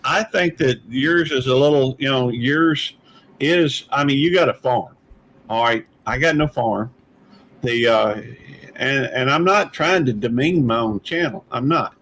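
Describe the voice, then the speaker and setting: A man's voice: medium pitch, measured pace, a bit bright, rough recording. A man hosting a casual live-stream panel chat, rambling and hesitant with many fillers and restarts. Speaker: channel host.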